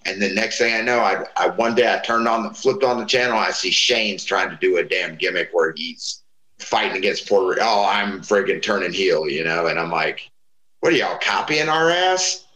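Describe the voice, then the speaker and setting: A man's voice: fairly low pitch, moderate pace, sharp tone, reverberant, poor audio. A man casually telling profane wrestling stories, acting out the voices of people he quotes. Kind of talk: casual storytelling chat.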